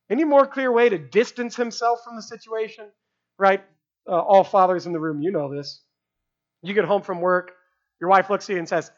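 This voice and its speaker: A man preaching a sermon to a live congregation, conversational, often asking "right?" and dropping to a hushed voice for emphasis. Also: sits high, fairly quick. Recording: dull lo-fi sound.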